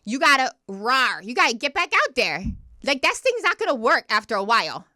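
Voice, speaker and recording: A woman's voice: big pitch swings, a little fast, pushed and bright, no echo, studio quality, exaggerated voice. A woman impersonating a brash New Jersey reality-star mom. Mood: bossy. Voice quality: little rasp when going up in pitch. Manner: gushing, bossy pep talk with "like" fillers.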